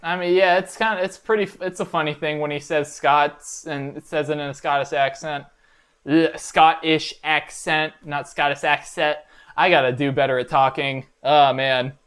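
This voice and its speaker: A man hosting a comedy reaction video, with a slightly high voice. He rambles in a mock-enthusiastic way, filling his pauses with uhs. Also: steady tone, a bit bright, clear, resonant tone.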